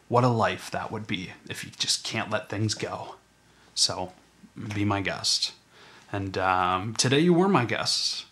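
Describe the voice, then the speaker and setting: A man's voice: fairly low pitch, fairly bright tone. A man hosting a solo podcast, talking casually and self-deprecatingly, rambling with frequent restarts. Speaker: podcast host.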